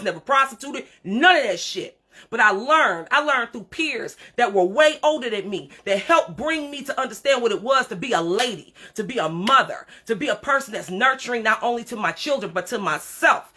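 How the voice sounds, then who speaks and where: Middle-aged woman, livestream host, bright forceful voice, profane and preachy, talks straight to camera. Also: on the high side. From Creole background. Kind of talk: unscripted livestream rant.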